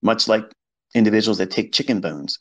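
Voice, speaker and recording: A man's voice: fairly low pitch, brisk, low-quality recording. Blunt, cursing male market talker. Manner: blunt and profane, mocking the doubters he quotes. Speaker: trading educator hosting an audio space. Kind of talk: casual monologue. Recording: audio chat stream.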